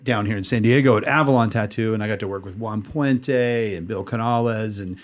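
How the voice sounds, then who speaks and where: A lowish, fairly quick voice marks this American man hosting a relaxed interview in a San Diego tattoo shop area. He rambles freely, restarts often, and drops the odd curse word.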